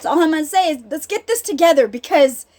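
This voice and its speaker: A middle-aged woman with a strikingly high voice gives a heartfelt faith talk. She speaks earnestly and with emphasis, addressing her listeners directly as if they were in the room. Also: lively intonation, quick pace, a little mellow. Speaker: healing ministry speaker.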